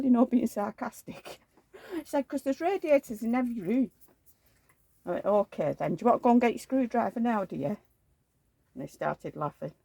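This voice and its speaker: A woman's voice: high-pitched, a little mellow, no echo. A woman, rambling through homely anecdotes in a chatty vlog and acting out the dialogue. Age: 70s. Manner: rambling anecdotal storytelling, acts out quoted dialogue. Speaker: reborn doll collector.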